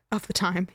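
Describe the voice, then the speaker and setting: A woman's voice: a bit bright, no room sound. Woman host, chatty and emphatic, telling true crime on a dry close mic. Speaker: podcast host. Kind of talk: casual true-crime storytelling.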